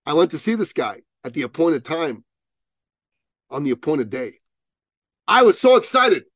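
A man telling a story as a podcast guest, acting out both sides of the dialogue with rising, loud peaks. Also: fairly high pitch, big pitch swings, normal speed, no room sound, studio quality. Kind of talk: animated storytelling in an interview.

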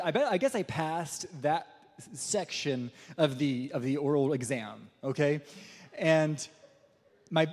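A man's voice: a little high, darkish tone. A man telling a personal story in a sermon, chatty and self-deprecating, laughing often. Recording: long reverb of a large hall.

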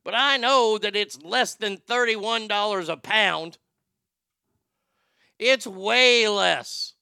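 A man's voice: high voice, creaky, sharp tone, clear, resonant tone, dry recording, clean studio sound. A man hosting a casual talk show, rambling through jokes and profane banter. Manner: loose, joking, profane banter. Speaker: show host.

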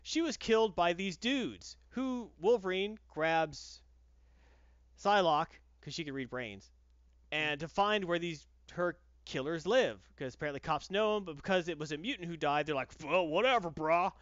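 A man's voice: a little high, animated, moderate pace, fairly bright tone, clean tone, no room sound, muffled recording. A man reviewing a comic book in casual podcast chat, with sarcastic, exasperated ranting.

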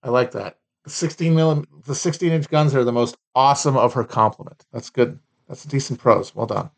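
A man's voice: medium pitch, a little fast, gravelly. A man hosting a solo podcast, reading out trading cards and mocking them with sardonic, profane, rambling asides. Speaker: podcast host.

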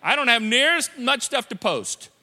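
Preacher, male, high and bright, chatty and playful, slips into character voices; church-hall echo. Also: very animated, moderate pace. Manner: conversational and playful, acts out quotes in voices. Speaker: pastor. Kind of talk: sermon. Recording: long hall reverb.

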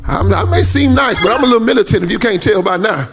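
A male pastor preaching a sermon, shouting and half-singing his lines in a rising cadence, talking in casual vernacular. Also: high voice, lively intonation, fast, noisy background. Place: church.

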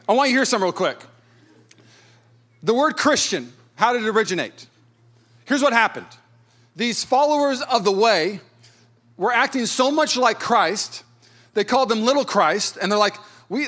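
A pastor in his thirties preaching a sermon with a fairly high, light voice. He talks in a conversational, storytelling way and pokes fun at himself. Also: animated, normal speed, pauses often, sharp tone. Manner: conversational, storytelling with self-deprecating humor.

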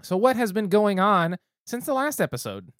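Relaxed man hosting a podcast. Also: sits high, normal speed, dry recording, studio quality. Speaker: podcast host. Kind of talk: casual podcast chat.

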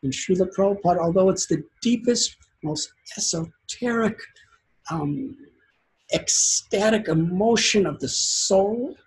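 Male preacher, slightly high voice, very slow, earnest storytelling sermon. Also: slight background noise, rough recording. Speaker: spiritual teacher.

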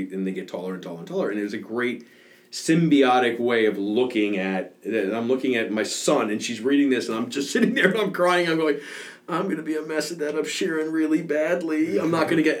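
A man in his thirties, a father and fire captain, telling emotional stories in an earnest podcast conversation. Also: on the low side. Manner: emotional, earnest storytelling with laughs.

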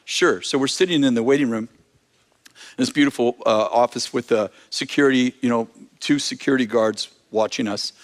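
A man preaching, telling a long anecdote in a lively, animated way with frequent restarts and self-corrections. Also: mid-range voice, brisk. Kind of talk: storytelling sermon.

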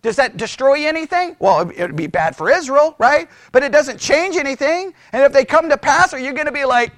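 A Bible teacher giving a conversational sermon, animated and exasperated, who mocks his opponents in raised voices. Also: sits high, a little fast, no room sound, studio quality.

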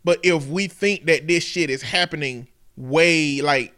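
A man's voice: on the high side, a little slow, pushed and bright. A middle-aged man hosting a casual talk show, telling stories with profane, emphatic talk. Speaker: podcast host. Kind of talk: casual chat.

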